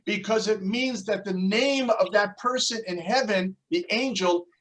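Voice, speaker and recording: A man teaching a Torah class, telling a religious story in an animated way and shifting his voice for the quotes. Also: sits high, measured pace, low-quality recording. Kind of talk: religious lesson with dramatic storytelling.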